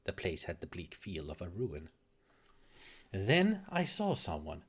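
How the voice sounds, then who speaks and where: A man voicing a composed Victorian woman telling a dreadful story, in a low, hushed and measured tone while reading game dialogue aloud. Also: huge pitch swings, breathy edge, full character voice.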